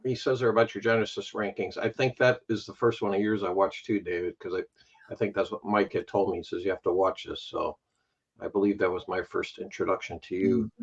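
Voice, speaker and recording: A man's voice: sits low, fairly even intonation, a little fast, vocal fry, slightly rough. A man with a Chicago accent, a guest on a live stream, telling stories in a rambling, self-deprecating way. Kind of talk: casual chat on a live stream. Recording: dull lo-fi stream audio.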